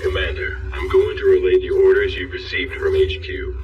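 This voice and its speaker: An actor playing a military radio officer who relays orders in a crisp, formal manner, in an anime dub. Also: male voice, sits low, wildly swooping pitch, normal speed. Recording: distant, dull, echoey sound with music.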